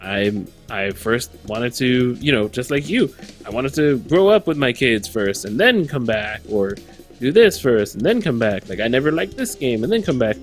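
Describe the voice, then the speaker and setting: A man's voice: medium pitch, very animated, normal speed, soft background music. A man co-hosting a podcast in casual chat, rambling and stopping to search for words. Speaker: podcast co-host.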